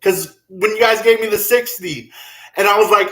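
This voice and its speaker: A man's voice: high-pitched, normal speed, a bit bright, reverberant, rough recording. A man gushing emotionally on a livestream, thanking his subscribers in an effusive, sing-song way. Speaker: channel owner thanking subscribers.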